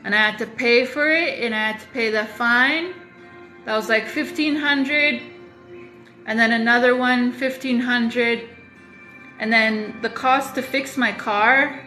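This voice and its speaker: A woman's voice: on the high side, unhurried, pushed and bright, reverberant, soft background music, rough recording. A woman talking straight to her viewers in a confessional vlog, emphatic and repeating phrases for weight, with the odd swear. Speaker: vlogger. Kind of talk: confessional talk to camera.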